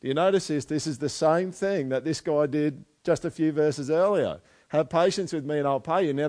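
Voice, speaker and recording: Male pastor, conversational sermon, fond of quiet asides and questions to the room. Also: a little high. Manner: chatty, asks the listeners questions, drops to quiet asides.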